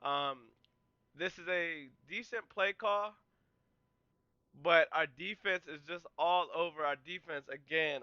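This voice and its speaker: Bright-voiced man breaking down game film. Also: fairly high pitch, takes it slowly, clean tone, no room sound, dull audio. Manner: excitable, yells and cheers at big plays; explains plays in a relaxed, conversational way. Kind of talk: casual film breakdown commentary.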